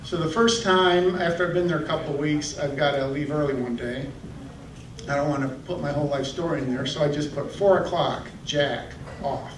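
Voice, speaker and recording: A man doing stand-up in a comedy club, recorded from far back so his voice rings through the room. His voice sits fairly high, with a steady hum of noise underneath. He mocks himself and pops into high yelping voices. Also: fairly quick. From Michigan. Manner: self-deprecating, acts out voices with sudden high yelps. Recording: echoey club from a distant camera.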